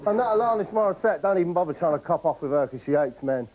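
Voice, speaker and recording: A man's voice: a little high, lively intonation, fast, dull audio, background noise. Rambling, boastful comic man. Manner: rambling, boastful, chatty with frequent "right?". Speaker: comedy show host. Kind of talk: comic monologue to camera.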